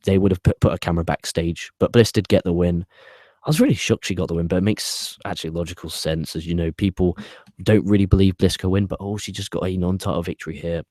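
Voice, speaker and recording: Low-voiced ranting male reviewer. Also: warm tone, no room sound. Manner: opinionated, ranting, swears freely; rambling with tangents and restarts. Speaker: wrestling show reviewer, host. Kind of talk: casual spoken review.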